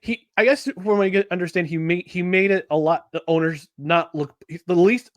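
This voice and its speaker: Rambling male podcast host, slightly high. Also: a little fast, no echo. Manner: rambling, many restarts and fillers. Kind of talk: casual podcast chat.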